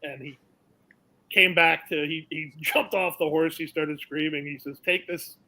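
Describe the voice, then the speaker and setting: Bright-voiced young racetrack announcer, man. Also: fairly high pitch, measured pace, poor audio. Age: young adult. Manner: animated storyteller, acts out the people in his stories. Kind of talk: casual interview storytelling.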